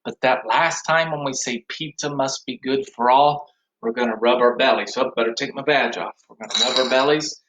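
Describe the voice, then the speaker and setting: A man's voice: mid-range voice, brisk, fairly bright tone, rough recording. A man teaching an online music class for young children, with sing-song call-and-response. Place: home room, recording to a computer.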